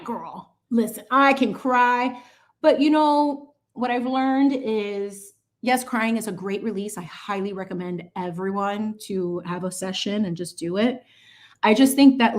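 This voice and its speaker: A woman chatting sassily and playfully while she paints on a livestream, mixing in bits of Spanish. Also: mid-range voice. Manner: animated, sassy, playful with lots of asides. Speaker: channel host painting on a livestream.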